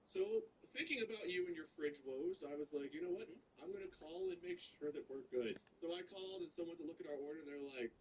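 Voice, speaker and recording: A man's voice: fairly high pitch, quick pace, hardly any pauses. A man chats his way through a frustrating story, voice rising and falling as he imitates the people he dealt with. He sits a little away from the mic, and noise runs under him. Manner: animated, mimics people he quotes. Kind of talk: casual chat. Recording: noisy room mic from a distance.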